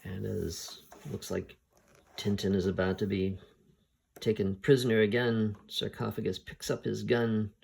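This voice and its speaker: Low gravelly-voiced man retelling a story. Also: little pitch movement, a little mellow. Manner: unhurried, halting, thinking aloud. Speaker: podcast host reviewing comics. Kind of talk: casual spoken retelling of a story.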